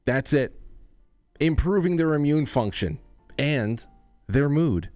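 Smooth-voiced rambling male talk host. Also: fairly high pitch, lively intonation, slow pace, darkish tone, no echo, soft background music. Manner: rambling, restarts often, jokey. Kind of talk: casual chat.

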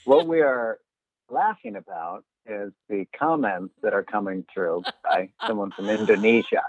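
Gravelly deadpan man on a tinny line. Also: fairly low pitch, normal speed, no echo. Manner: deadpan, wry asides. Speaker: podcast co-host. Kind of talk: casual live podcast chat. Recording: tinny phone-like sound.

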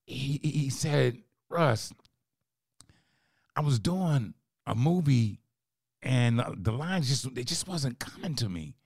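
A man hosting a casual interview, earnestly telling a story and repeating words when excited. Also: medium pitch, slow, gravelly, pauses often, breathy edge, dry recording, clean studio sound. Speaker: podcast host, film writer-director.

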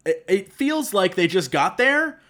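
A man co-hosting a casual podcast, recapping a movie with sarcastic, animated storytelling and mock quotes. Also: sits high, a little slow. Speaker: podcast co-host.

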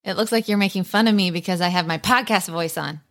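A woman's voice: on the low side, quick pace. A woman in her thirties hosting a podcast, chatting in an upbeat, lighthearted way. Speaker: podcast host. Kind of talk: casual podcast chat.

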